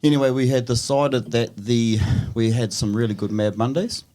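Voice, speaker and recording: A man's voice: mid-range voice, moderate pace, warm tone. A man telling rambling, laughing anecdotes in casual podcast chat, calling everyone "bro". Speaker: podcast guest.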